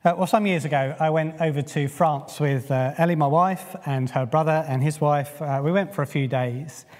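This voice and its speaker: A man from England preaching a sermon in a relaxed, conversational way, often starting with "uh". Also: fairly high pitch, moderate pace, in a large hall. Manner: conversational, frequent "uh" fillers. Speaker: pastor.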